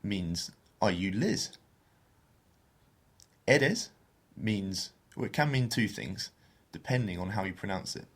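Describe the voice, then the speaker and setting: A man co-hosting a beginner Spanish podcast, explaining phrases and slowing down to model pronunciation. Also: on the low side, animated, breathy edge. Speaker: podcast co-host teaching Spanish.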